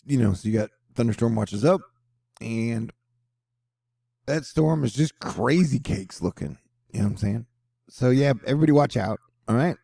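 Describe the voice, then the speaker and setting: Gravelly man joking through weather news. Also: mid-range voice, moderate pace, long pauses, dark tone, dry recording, studio quality. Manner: joking, rambling, playful asides. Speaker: host. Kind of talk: casual weather news commentary.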